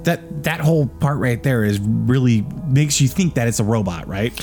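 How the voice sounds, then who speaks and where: A man's voice: mid-range voice, lively intonation, normal speed, a little mellow, faint music behind. A man co-hosting a casual podcast, reading a strange account aloud and rambling with crude jokes and laughter. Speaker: podcast co-host.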